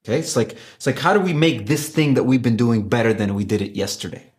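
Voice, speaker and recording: Animated man pitching with emphatic restarts. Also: quick pace. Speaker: company executive. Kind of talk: conversational business pitch.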